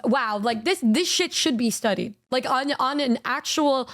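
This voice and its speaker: A young woman talking casually to her stream, with a high, bright voice. She chats in an animated way, swears freely, and slips into exaggerated voices to quote people. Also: a little slow. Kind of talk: casual stream reaction chat.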